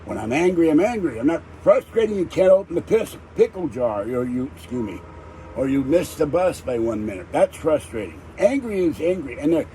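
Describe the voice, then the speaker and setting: A man's voice: on the high side, sing-song, brisk, dark tone, a little hiss or hum, low-quality recording. An older man hosting a livestream, ranting irritably in a rambling casual chat. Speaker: livestream host.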